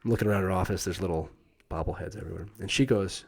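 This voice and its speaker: A man in his thirties with a low, gravelly voice hosts a live stream, quickly and casually recounting a personal story. He's animated, laughs often and acts out the voices of the people involved.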